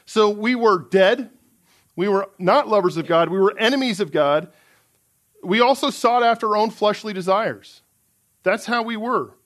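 A man's voice: high-pitched, moderate pace, a bit bright. A man preaching a sermon in an earnest, emphatic way, reading out scripture passages.

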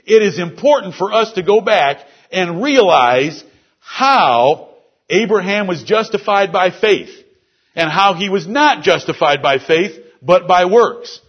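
A man's voice: high voice, lively intonation, a little slow, breathy edge, muffled recording. A male pastor preaching an expository sermon at a church service, explaining scripture word by word.

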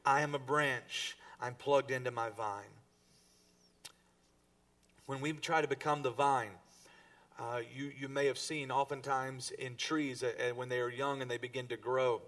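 Pastor, male, mid pitch, preaching to a congregation with emphatic rises, heard at a distance from the mic. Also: steady tone, unhurried, fairly bright tone. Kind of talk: sermon.

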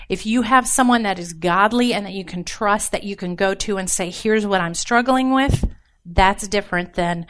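A woman's voice: lowish voice, fairly bright tone, clear, resonant tone. A woman giving a casual, joking sermon on marriage, talking straight to her audience and asking for responses. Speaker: women's ministry speaker. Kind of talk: informal sermon.

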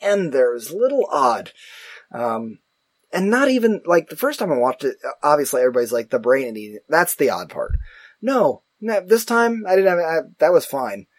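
Man, higher voice, dry close sound, rambling movie talk, self-mocking. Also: sing-song, normal speed, no room sound. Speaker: podcast co-host. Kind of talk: casual movie chat.

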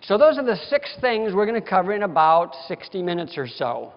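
A man's voice: high-pitched, big pitch swings, brisk. A man giving a continuing-education lecture to dentists, folksy, direct and emphatic in manner. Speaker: dental lecturer. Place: lecture hall. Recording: dull sound with long hall reverb.

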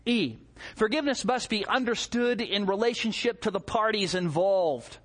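A man's voice: high voice, normal speed. A male pastor preaching a sermon, telling stories and acting out scenes. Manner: animated storytelling, acts out scenes.

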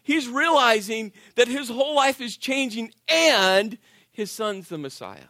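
A man preaching a sermon, telling stories with acted-out voices and sinking to quiet intensity. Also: very high-pitched, a little slow, no room sound, studio quality. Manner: animated storytelling, acts out voices, drops to quiet intensity. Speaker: pastor.

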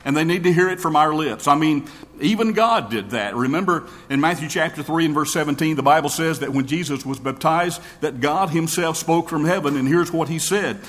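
An earnest male preacher delivers his sermon in a voice that sits a little high for a man. He often stumbles and repeats the first words of a sentence. Long reverb from a large hall trails after his words. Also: brisk, a bit bright.

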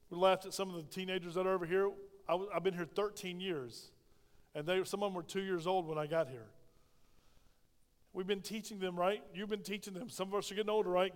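A man's voice: high-pitched, fairly even intonation, a little fast, long reverb tail. A middle-aged male pastor, preaching a folksy, emphatic sermon that calls for amens from the congregation. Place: church sanctuary.

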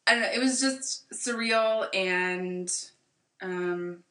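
A woman's voice: mid-range voice, slow pace, bright, forceful tone, roomy sound, far from the mic. A young American woman in her twenties, a podcast guest, talking reflectively in a rambling, casual way with many fillers. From United States. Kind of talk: casual conversation.

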